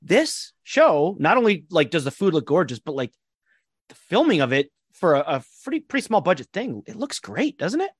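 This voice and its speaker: A man co-hosting a podcast in casual chat, animated and full of filler words. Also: a little high, moderate pace, slightly rough, no echo, studio quality. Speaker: podcast co-host.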